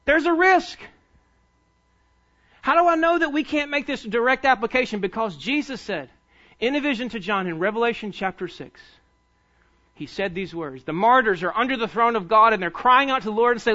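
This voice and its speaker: Male pastor, sermon, very high voice, emphatic preaching, dull lo-fi sound. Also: animated, brisk, bright, forceful tone. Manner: emphatic preaching, urging listeners to listen. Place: church sanctuary.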